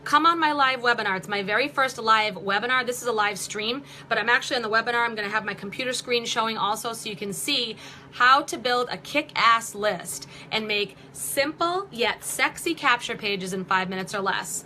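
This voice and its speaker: A woman's voice: on the high side, normal speed, pushed and bright, a little hiss or hum, poor audio. A woman in her forties hosting a live-stream vlog, giving online marketing tips in an upbeat, chatty way with jokey asides. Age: 40s.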